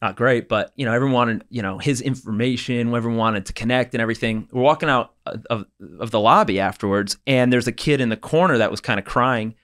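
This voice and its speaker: A man's voice: medium pitch, fast, hardly any pauses, a bit bright. A man, a pastor, telling stories in an earnest, casual podcast talk. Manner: storytelling, earnest.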